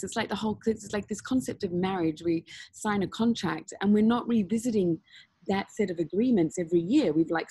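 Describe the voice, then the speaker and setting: A woman talking frankly and openly in an interview, animated and laughing often. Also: fairly low pitch, breathy edge, no room sound. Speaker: interview guest. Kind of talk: candid conversational interview.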